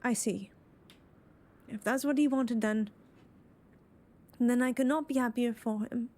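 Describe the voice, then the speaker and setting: A woman's voice: a little high, unhurried, darkish tone, natural voice. Woman doing an eager young sidekick girl. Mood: earnest. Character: earnest loyal young female assistant.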